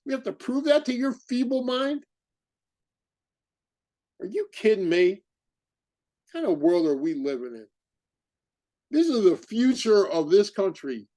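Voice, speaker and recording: A man hosting a podcast, giving heated, indignant commentary full of rapid rhetorical questions. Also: high-pitched, sing-song, warm tone. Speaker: podcast host. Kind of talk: impassioned commentary.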